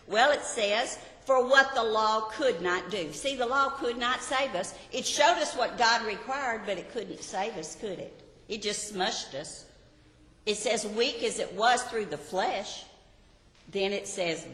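A woman's voice: a little high, animated, measured pace, a bit bright. A woman teaching a Bible lesson to a group, earnest and often asking her listeners rhetorical questions. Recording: roomy hall reverb.

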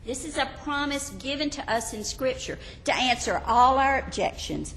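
Brief: earnest woman Bible teacher, very lively pitch, recorded in a hall with long reverb. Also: unhurried, a little hiss or hum. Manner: earnest, expressive, emphatic. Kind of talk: Bible teaching with read quotes. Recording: echoey hall, faint ambience.

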